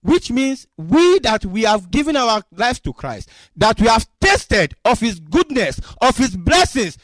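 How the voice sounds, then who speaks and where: A man preaching a sermon, acting out dialogue with God in an expressive way. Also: extremely high pitch, measured pace, no echo.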